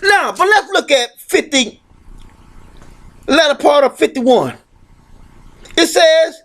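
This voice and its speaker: A man preaching a fiery sermon, reading scripture aloud and shouting emphatic points, often restarting his phrases. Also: extremely high pitch, sing-song, takes it slowly, long pauses.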